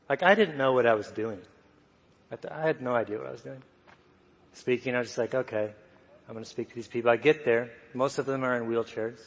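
Soft-spoken male preacher, mid-pitched, easy storytelling, reverberant church hall. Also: brisk. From United States. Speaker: guest preacher. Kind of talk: sermon storytelling.

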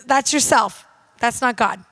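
High-voiced woman preaching emphatically. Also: slow, fairly bright tone, no echo. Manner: emphatic, direct and conversational, addressing the audience. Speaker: minister. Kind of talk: sermon.

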